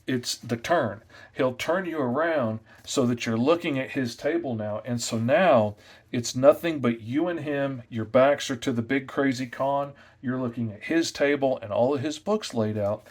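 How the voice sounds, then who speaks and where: A comic artist, a man, giving sales tips in a loud, energetic, chatty way. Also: medium pitch, moderate pace. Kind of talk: casual tips talk to camera.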